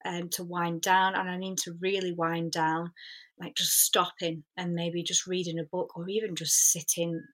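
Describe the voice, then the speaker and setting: Earnest woman, lowish voice. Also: little pitch movement, moderate pace, a bit bright. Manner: earnest, reflective, many fillers. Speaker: spiritual coach guest. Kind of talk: podcast interview.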